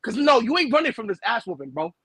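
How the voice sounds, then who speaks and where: A man's voice: very high voice, very animated, quick pace, a loud crowd. A man co-hosting a sports talk show, bragging about his team with brash trash talk and heavy slang. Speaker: sports talk co-host, basketball fan. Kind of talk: casual sports banter.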